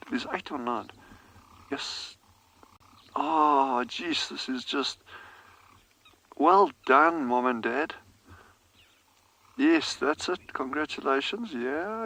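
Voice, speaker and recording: Bright-voiced, gushing safari guide man. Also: mid-range voice, takes it slowly, pauses often, rough recording. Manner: overjoyed, gushing, exclamatory. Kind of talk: live safari broadcast commentary. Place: outdoors on a game drive.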